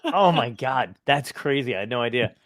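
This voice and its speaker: A male podcast host chatting eagerly with a guest, reacting like an excited fan. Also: mid-range voice, normal speed, no room sound, clean studio sound. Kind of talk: casual interview chat.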